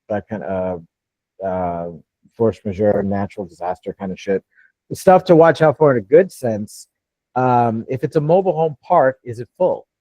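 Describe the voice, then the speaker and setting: A man's voice: medium pitch, mellow, no room sound, lo-fi sound. A man hosting a live Q&A call and coaching real estate wholesalers, blunt and casual, swearing freely.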